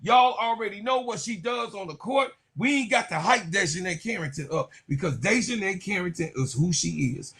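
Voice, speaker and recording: Husky high-voiced hyped sports vlogger. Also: male voice, animated, normal speed, few pauses, fairly bright tone. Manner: hyped, slangy, repeats phrases for emphasis. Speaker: sports channel host. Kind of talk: casual sports commentary.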